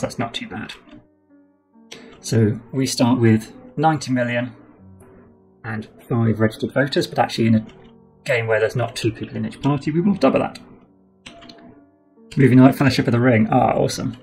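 A man's voice: medium pitch, darkish tone, poor audio. A British man streaming a board game playthrough, explaining rules step by step as he thinks aloud.

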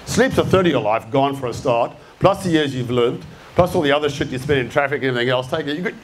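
An Australian man in his late fifties delivers a live talk at a middle pitch, blunt and forceful, peppering every point with swearing. He talks to the crowd in short punchy bursts. A faint hum of ambience sits behind him. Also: quick pace. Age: 50s. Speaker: speaker. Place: event venue with an audience.

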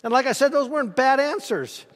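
A male pastor gives a folksy, conversational sermon and pauses to ask his congregation questions. His voice sits noticeably high for a man. The sound carries the long reverb of a church sanctuary. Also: lively intonation.

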